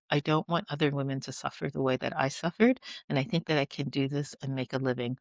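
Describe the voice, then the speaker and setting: Middle-aged woman, low voice, dry close sound, animated storyteller. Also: no echo. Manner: animated, acts out quoted voices. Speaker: entrepreneur guest. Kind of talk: conversational interview storytelling.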